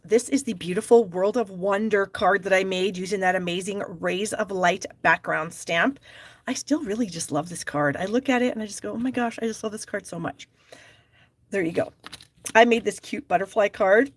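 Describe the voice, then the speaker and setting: Middle-aged woman, live craft-class host, casual and chatty, mid-pitched, laughs a lot while reading comments. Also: moderate pace, no echo. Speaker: stamping demonstrator hosting a live class. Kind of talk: casual live-stream chat.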